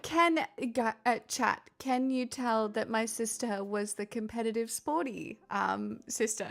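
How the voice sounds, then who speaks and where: A woman's voice: on the high side, measured pace, gravelly. A young woman streaming a game, bantering playfully with her sister and laughing often. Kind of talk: live game stream chat.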